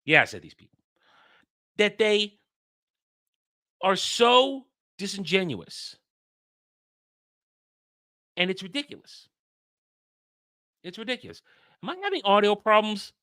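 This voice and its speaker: A man's voice: high-pitched, sing-song, slow, long pauses, sharp tone. A man hosting a livestream, ranting in a heated way with frequent stumbling restarts. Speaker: host.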